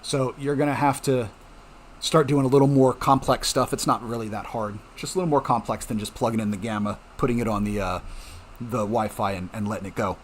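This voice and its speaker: A man's voice: mid-range voice, a little hiss or hum. A middle-aged man hosting a home mining channel, talking casually and reassuringly to viewers and checking in with them often. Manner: chatty, reassuring, frequent "okay?" check-ins. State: coughing at times. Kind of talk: casual explanatory talk to viewers.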